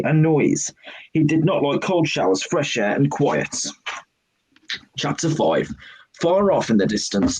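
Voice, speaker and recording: A man's voice: medium pitch, a little mellow, a little hiss or hum, rough recording. A man hosting a live show, reading a children's book aloud with chatty asides and frequent stumbles.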